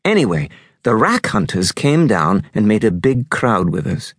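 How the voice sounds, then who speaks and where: A man narrating an audiobook in an unhurried, expressive storytelling manner. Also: fairly low pitch, slightly rough, no echo, clean studio sound.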